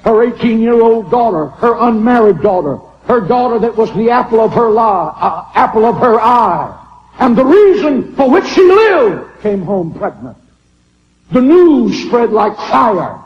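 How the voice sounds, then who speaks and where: Fiery high-voiced preacher man. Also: expressive, measured pace, long reverb tail, muffled recording, slight background noise. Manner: fiery preaching, swinging from shouts to hushed lines. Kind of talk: sermon.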